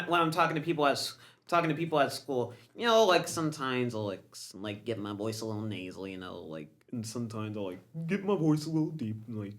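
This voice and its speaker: A man's voice: mid-range voice, a bit bright. A young man chatting casually as a guest musician, rambling with lots of restarts and fillers. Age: young adult. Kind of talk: casual interview chat.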